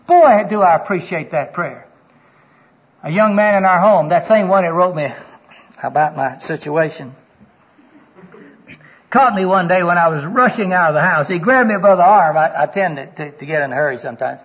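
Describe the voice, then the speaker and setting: An older man preaches with a high, husky voice, telling stories from his own life and acting out the quoted exchanges. He is earnest and often sinks to a near-hush for the confessional moments. The recording sounds dull and lo-fi. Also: animated, moderate pace. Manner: storytelling, acts out quoted dialogue with his voice; earnest, drops to a hushed voice for personal moments. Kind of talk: sermon.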